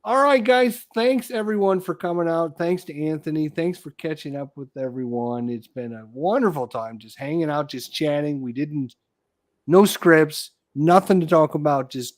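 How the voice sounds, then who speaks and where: A man's voice: fairly high pitch, darkish tone, no echo, studio quality. A man hosting a casual live chat show. He rambles, restarts his sentences and loses his train of thought. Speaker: podcast host.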